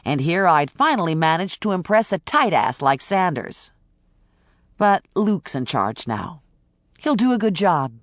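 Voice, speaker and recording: Audiobook casting: narrator reading as a blunt, stubborn woman cop, wry and defensive, with slow, expressive lines. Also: on the low side, dry recording, studio quality. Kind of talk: audiobook character voice.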